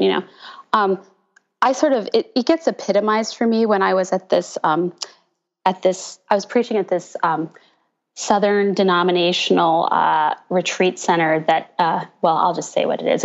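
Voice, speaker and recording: Animated woman pastor, lo-fi sound. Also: on the low side. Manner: animated storytelling, mimics people she quotes. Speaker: pastor and author, podcast guest. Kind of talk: casual interview chat.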